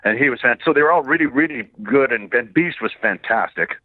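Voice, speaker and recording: A man's voice: mid-range voice, expressive, brisk, no echo. A man from Canada, a voice actor guest, telling rambling anecdotes with frequent chuckles in a casual interview. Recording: tinny phone-like line, dry.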